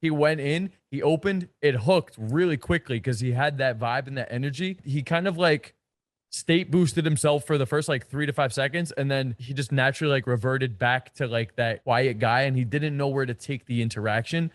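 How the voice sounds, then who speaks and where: A man's voice: mid-range voice, moderate pace, no echo. Blunt, profane male dating coach. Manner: blunt and profane, slangy, emphatic. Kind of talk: casual coaching lecture.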